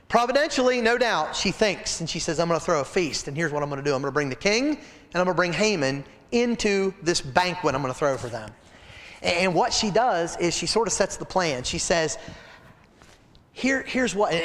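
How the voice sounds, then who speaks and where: A pastor leading a midweek Bible study preaches to the group in a high, bright-toned voice, telling the story with lively energy. He keeps addressing his listeners with direct questions. A long reverb gives the sound a church-hall feel.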